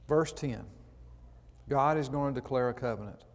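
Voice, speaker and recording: In a church auditorium, a man reads scripture aloud at a moderate pace, slipping into chatty, conversational asides. His pitch is ordinary, and the hall's long reverb trails after every phrase.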